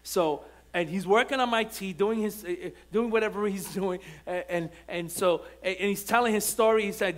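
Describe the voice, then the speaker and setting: A man's voice: high voice, moderate pace, few pauses. A male pastor preaching a sermon in church, moving between chatty storytelling full of restarts and emphatic, repeated lines. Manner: conversational storytelling with frequent restarts. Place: church sanctuary.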